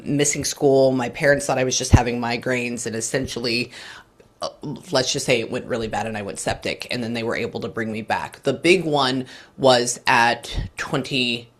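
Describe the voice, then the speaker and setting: In a rumbling low voice with a fairly bright tone, this guest medium, a woman in her thirties, brings a reading story to life in conversation. She voices the recalled exchange between both people as she goes.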